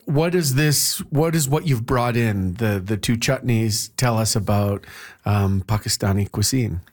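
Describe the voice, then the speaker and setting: A man's voice: fairly low pitch, unhurried. A man hosting a radio show, joking and chatting with his guest while eating. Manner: jokey, talks while eating. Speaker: radio host. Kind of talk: radio interview.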